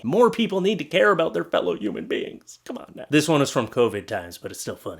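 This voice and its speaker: A young man from Canada reacts to online posts with heavy sarcasm, his voice sitting a little high for a man. He swings from loud, animated outbursts down to low mutters. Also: fast talker, vocal fry, few pauses, breathy edge. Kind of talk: casual reaction commentary.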